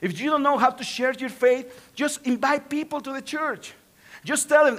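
A man from Mexico with a Mexican Spanish accent, a pastor preaching a sermon in an animated way, swinging from hushed to excited with joking asides. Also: extremely high pitch, normal speed.

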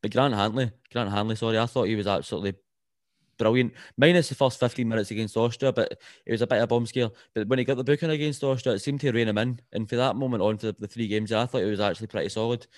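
Scottish podcast co-host, quick blunt football talk, dry close mic. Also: male voice, mid-range voice, dry recording. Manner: blunt and sweary. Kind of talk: casual football chat.

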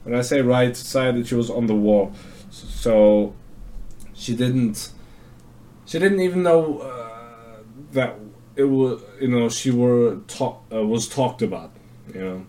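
A man's voice: medium pitch, slow pace, mellow. A man hosting a casual solo podcast, rambling and swearing with lots of fillers and restarts. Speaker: podcast host. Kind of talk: casual monologue.

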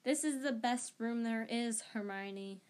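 An excitable teenage boy wizard, as a woman reader puts him on, quick-tempered and eager. The voice sits somewhat high and pushes forward with a raised, hurried energy. It comes from an amateur audiobook reading. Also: close to an everyday voice. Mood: impatient.

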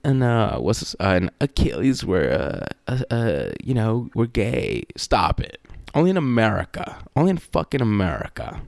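A man's voice: low-pitched, no room sound. A young man rambling in a casual monologue, cussing and joking, with many fillers. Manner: profane, joking, lots of fillers.

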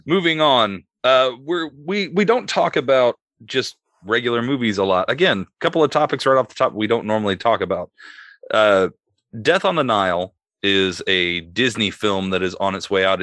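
A man's voice: on the low side, fairly bright tone, no room sound, studio quality. A man hosting a casual podcast chat, leading the talk and moving the show from topic to topic. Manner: leads the talk, steers to next topic. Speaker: podcast host.

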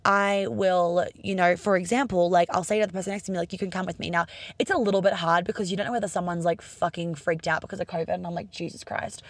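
A woman's voice: fairly low pitch, no room sound. A young Australian woman with an Australian accent, talking casually to camera in a chatty, upbeat, profane way and acting out bits of dialogue.

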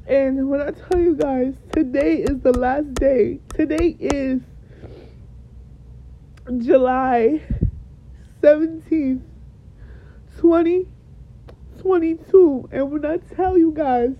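Tearful high-voiced woman podcaster. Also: takes it slowly, long pauses, slight background noise. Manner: addresses listeners directly, repeats herself. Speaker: podcast host. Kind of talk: emotional personal storytelling. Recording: dull lo-fi recording.

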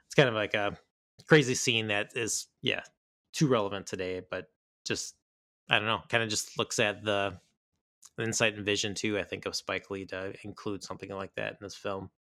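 Podcast host, male, low voice with a bright edge, laid-back filler-heavy chat, dry close sound. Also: dry recording. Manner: relaxed, lots of fillers like "like" and "kinda". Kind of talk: casual movie discussion.

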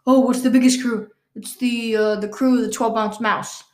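Casting: a woman playing a deadpan mobster guy with a fake Italian accent, hesitant mumbling, roomy echo. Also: on the high side, close to an everyday voice. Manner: halting, hesitant, mumbled delivery.

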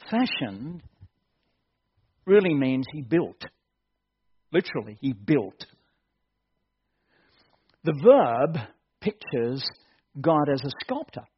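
A man preaching a sermon as pastor, joking and building to excited shouts. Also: mid-range voice, husky, dull audio.

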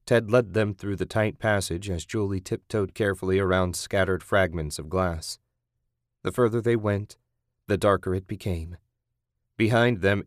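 Low-voiced guy reading a horror audiobook, steady and measured, dry close sound. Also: dry recording. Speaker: audiobook narrator. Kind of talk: scripted horror narration.

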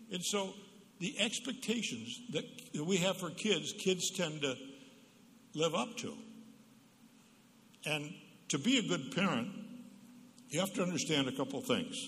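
Over a PA microphone in a reverberant church hall, a psychologist giving a humorous parenting talk as guest speaker acts out the quotes in his stories. His voice is a little high and fairly bright, with slight background noise.

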